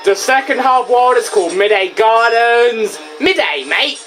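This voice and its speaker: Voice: medium pitch, a little slow, a bit bright. A game reviewer giving casual, goofy, rambling commentary with self-mocking asides. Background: game music.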